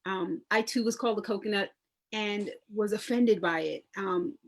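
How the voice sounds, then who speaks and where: A woman, a public historian and genealogist speaking on a community panel, talking conversationally with frequent restarts and lively storytelling. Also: medium pitch, moderate pace, noisy background. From New York. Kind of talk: panel discussion.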